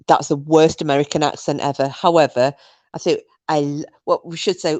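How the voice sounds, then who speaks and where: A woman's voice: deep voice, brisk, darkish tone, no room sound. A woman hosting a casual live-stream quiz night, answering viewer comments and often breaking into laughter. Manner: giggly, often bursting into laughter.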